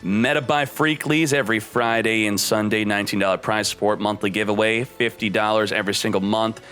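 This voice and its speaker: Hosting a card game stream, a man delivers hyped deck-review commentary, sounding slightly out of breath. He talks fairly quickly with energetic, punchy delivery, jumping up in pitch for emphasis, while faint music plays behind him.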